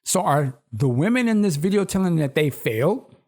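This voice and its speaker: A man co-hosting a podcast who rants in a lively, animated way and often breaks into laughter in casual chat. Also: fairly high pitch, moderate pace. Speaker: podcast co-host.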